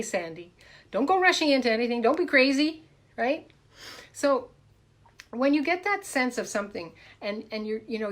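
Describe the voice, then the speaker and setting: An upbeat woman coach hosts a live stream from a room at home, speaking in a slightly high voice. She talks casually into a webcam mic and keeps breaking off to greet her viewers by name, repeating her welcomes. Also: fairly bright tone.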